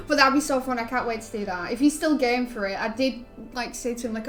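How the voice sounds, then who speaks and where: A woman's voice: on the high side, lively intonation, normal speed, fairly bright tone, faint music behind. A young woman, chatting casually and rambling while she streams a game, laughing often. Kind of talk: casual gaming stream chat.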